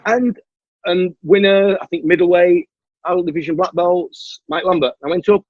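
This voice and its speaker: A man's voice: high voice, normal speed, dry recording. A man, a stuntman and martial artist, telling a long story as an interview guest and acting out the dialogue. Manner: animated storyteller who acts out the dialogue. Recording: dull, dry lo-fi audio.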